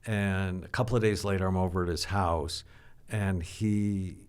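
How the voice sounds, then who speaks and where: An older man with a very low voice speaks as a psychiatrist guest. He explains in a teacherly, animated way, telling personal stories to make his point. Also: moderate pace, smooth. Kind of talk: interview conversation.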